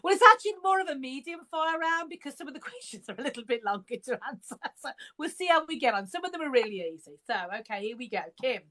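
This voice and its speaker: A woman's voice: sits high, expressive, fast, few pauses, bright, forceful tone. A British woman hosting a live interview over a video call, chatty and bubbly, laughing often and sometimes trailing off mid-sentence. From England. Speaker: podcast host.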